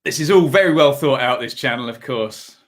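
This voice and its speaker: A brisk, animated man with a mid-range voice hosts a football livestream from Ipswich, England. He chats with viewers, reads their chat out loud, and calls scores in a rambling manner full of ums.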